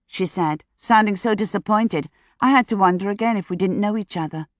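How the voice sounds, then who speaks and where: A woman narrating a first-person audiobook in a measured, dryly wry manner, close to the mic. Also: medium pitch, no room sound.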